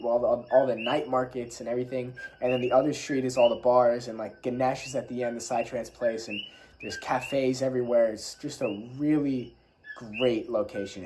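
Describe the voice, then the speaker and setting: A young man recounting his travels in a loose, animated way, swearing freely and drifting into spiritual talk. His voice sits at an ordinary middle pitch, with faint noise behind him. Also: rough recording. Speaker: travel vlogger. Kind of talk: casual storytelling monologue.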